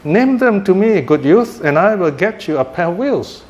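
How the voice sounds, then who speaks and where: A man's voice: fairly high pitch, lively intonation, moderate pace, dark tone, roomy sound, pitched above the performer's own voice, lightly acted. A man voicing a stingy, grieving Brahmin father who pleads in a raised voice. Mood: eager.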